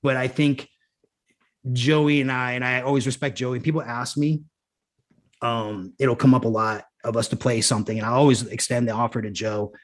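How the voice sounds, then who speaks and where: Male podcast guest, ex-punk musician; loose, rambling anecdotes, frequent fillers and restarts, casual swearing, average pitch. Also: fairly even intonation, moderate pace. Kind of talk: casual conversational storytelling.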